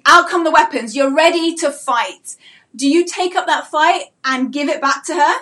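High-voiced woman giving an earnest live talk. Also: moderate pace, fairly bright tone. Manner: earnest, uses rhetorical questions. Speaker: homeschooling mentor.

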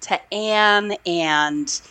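A woman's voice: mid-range voice, drawn-out words, bright, forceful tone, a little hiss or hum. A woman co-hosting a podcast, chatting casually about an old film, laughing often as she retells scenes. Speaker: podcast co-host.

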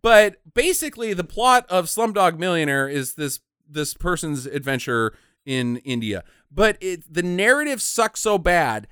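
A man's voice: high-pitched, bright, forceful tone, clear, resonant tone, dry recording, clean studio sound. A man co-hosting a podcast, ranting and mocking as he recaps a movie, with lots of swearing. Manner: ranting, mocking, acts out characters in silly voices. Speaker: podcast co-host reviewing a movie. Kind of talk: profane casual movie recap.

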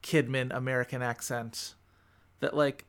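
A man's voice: medium pitch, level tone, unhurried, fairly bright tone. A man hosting a film podcast in casual chat, talking loosely with lots of fillers and easy laughs. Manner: chatty, lots of "like", laughs easily. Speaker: podcast host.

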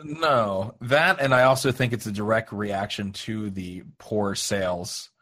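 A man's voice: lowish voice, measured pace, sharp tone, no room sound. Blunt cynical man, dry sound. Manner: blunt, cynical, swears casually. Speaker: podcast co-host. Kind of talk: casual chat.

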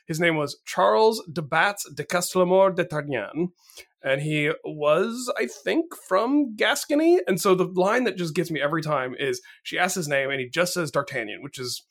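A man's voice: fairly high pitch, animated, moderate pace, hardly any pauses, a bit bright. An American man hosting a podcast, chatting casually with lots of fillers and frequent laughs. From United States. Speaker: podcast host. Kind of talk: casual chat.

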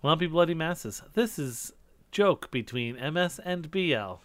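A man's voice: a little high, lively intonation, unhurried, fairly bright tone, no echo. A man reading an old childhood story aloud, giggling at it as he goes. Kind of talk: comedic read-aloud with commentary.

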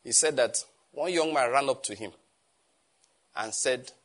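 A man preaching a sermon as pastor, animated and emphatic, often firing rhetorical questions. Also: medium pitch, a little slow.

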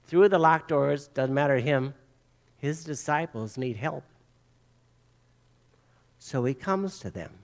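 High-voiced male pastor telling stories. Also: lively intonation, takes it slowly, long pauses. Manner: storytelling, acts out quoted voices; repeats phrases for emphasis. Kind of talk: sermon.

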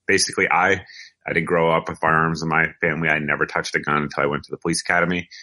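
Very deep-voiced man telling his story. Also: little pitch movement, rapid-fire, bright, forceful tone. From United States. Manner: rambling, self-correcting storyteller. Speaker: podcast guest, firearms video reviewer. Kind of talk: casual interview talk.

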